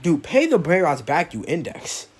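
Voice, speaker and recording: A man's voice: a little high, huge pitch swings, normal speed, slightly rough. A young man giving an exposé commentary, heated and often stumbling over his words. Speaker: YouTuber.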